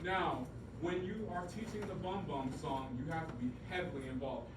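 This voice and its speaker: A man presenting a choir teaching workshop, energetic and coaxing, leading the group through call-and-response singing. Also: on the high side, normal speed, background noise. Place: large conference room. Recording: echoey room, voice from far off, music behind.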